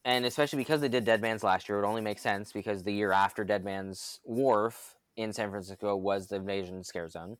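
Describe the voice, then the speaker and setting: A man's voice: lowish voice, brisk, few pauses, no room sound. A man co-hosting a casual podcast chat, enthusiastic and long-winded, full of fillers and restarts. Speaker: podcast co-host.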